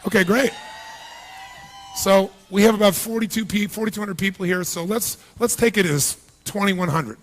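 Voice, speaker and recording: A motivational speaker with a high-pitched voice addresses a large live audience at a normal pace. He peppers them with rhetorical questions and acts out the voices in their heads.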